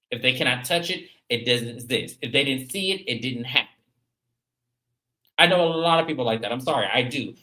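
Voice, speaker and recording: A man in his thirties hosting a casual livestream, talking straight to viewers in an animated, emphatic way. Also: on the high side. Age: 30s. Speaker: livestream host.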